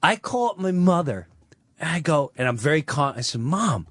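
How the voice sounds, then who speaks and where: A man's voice: a little high, brisk, no room sound, clean studio sound. A man telling a long personal story on a talk radio show, acting out what other people said. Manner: animated, acts out quoted voices.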